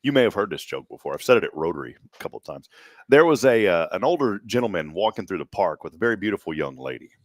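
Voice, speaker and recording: Man, texan accent, morning show host, lively up-and-down pitch, dry close sound. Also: fast talker, no echo. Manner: rambling, joking, animated storyteller. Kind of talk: casual chat.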